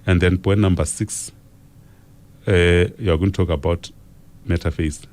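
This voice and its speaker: A man with a South African accent teaching an exam revision lesson on radio, slow and repetitive as he dictates key phrases. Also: sits low, steady tone, dark tone.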